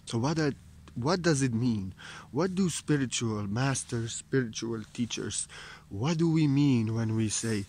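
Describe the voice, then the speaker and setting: A man's voice: medium pitch, expressive, unhurried, darkish tone. A man giving a heartfelt spiritual talk as a teacher, repeating his points emphatically and now and then swearing bluntly. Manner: impassioned, repetitive and emphatic.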